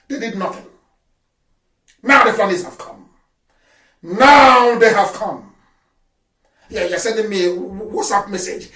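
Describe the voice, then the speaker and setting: A man delivers a fiery radio address, shouting, mocking and scolding. His voice sits high. It comes through echoey and distant, well off the mic. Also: measured pace, long pauses. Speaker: political activist broadcaster.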